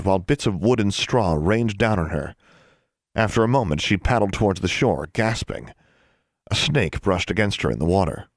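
A man narrating a fantasy novel in an expressive, dramatic storytelling manner, recorded close and dry. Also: sits low, no room sound. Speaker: audiobook narrator.

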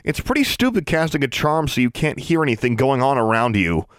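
A man voicing a sharp-tongued, defiant schoolgirl witch in an audiobook. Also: mid-range voice, sing-song, a little fast, clean tone, no echo, clean studio sound, pitched above the performer's own voice, natural voice. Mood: grumbling. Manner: snappish.

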